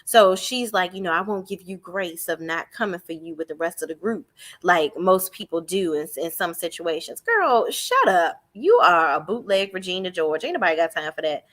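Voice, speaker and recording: A woman's voice: fairly low pitch, a little fast, a bit bright. A woman recapping a reality TV show live, blunt, profane and mocking the cast.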